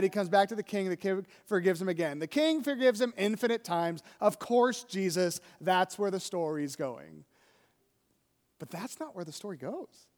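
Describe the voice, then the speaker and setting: In a large hall, a pastor with a high-sitting male voice preaches a sermon like he's telling a story in conversation. He keeps checking in with listeners, often dropping "right?" and "like."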